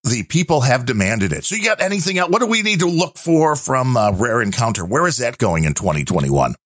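A man's voice: mid-range voice, brisk, no room sound, clean studio sound. A man hosting a casual podcast, joking and teasing his co-hosts. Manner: animated, joking. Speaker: podcast host.

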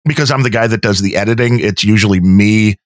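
This podcast co-host and editor talks fast in a low-leaning voice, rambling through casual chat and cutting himself off mid-sentence. The recording is studio-clean with no room sound.

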